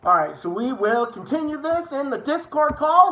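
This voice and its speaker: A man's voice: extremely high pitch, very animated, normal speed, bright, forceful tone, slight background noise. Ranting, profane male livestream host. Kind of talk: ranting political livestream commentary. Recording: roomy echo.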